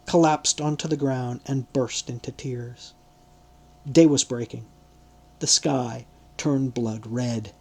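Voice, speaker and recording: A man narrating a literary audiobook in a measured, deliberate reading style. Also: medium pitch, a little mellow.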